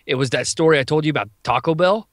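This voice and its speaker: A man co-hosting a podcast, telling a wild story in an animated, profane, quick-talking way. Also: fairly high pitch, no room sound, clean studio sound. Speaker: podcast co-host. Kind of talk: casual storytelling.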